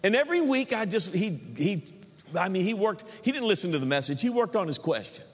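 A man's voice: sits high, animated, brisk. A man preaching a sermon as pastor, telling stories animatedly and acting out the people he quotes. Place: church sanctuary. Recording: long reverb of a church hall.

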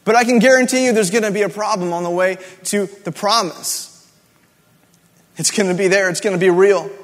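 A man's voice: high-pitched, a little fast, in a large hall. A man preaching a sermon in a conversational, emphatic way, repeating key words for effect. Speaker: pastor.

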